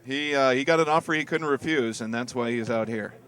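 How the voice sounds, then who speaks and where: A man giving relaxed color commentary on a football game with dry, joking asides. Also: medium pitch, fairly quick. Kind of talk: live sports webcast commentary.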